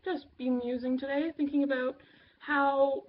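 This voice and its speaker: A woman's voice: high-pitched, steady tone, a little slow, lo-fi sound. A Canadian woman with a Canadian accent chatting casually to camera, rambling with lots of ums and uhs. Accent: Canadian English. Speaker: vlogger.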